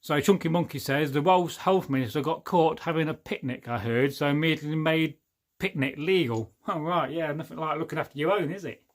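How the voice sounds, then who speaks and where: Speaking fairly quickly in a voice on the high side, a middle-aged English livestream host reads viewer comments aloud. He keeps it casual, joking, drifting into rambling asides and laughing frequently.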